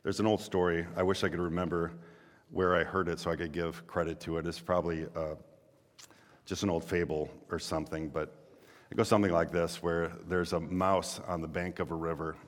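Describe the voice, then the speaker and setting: A man's voice: low-pitched, level tone, brisk, big-room sound. A male pastor preaching a sermon earnestly, building to emphatic exhortations.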